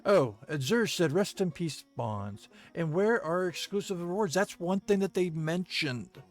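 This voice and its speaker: Gaming channel host, male, slightly high-pitched, hesitant delivery full of fillers, soft music underneath. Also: lively intonation. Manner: halting, many ums and uhs, chuckles at comments. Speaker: gaming video creator. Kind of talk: casual gameplay commentary, reading viewer comments.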